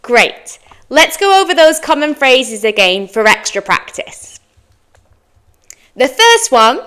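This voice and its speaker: A woman teaching English pronunciation, slowly modelling phrases for listeners to repeat. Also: high voice, sing-song, sharp tone. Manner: slow, clear modelling of phrases for repetition.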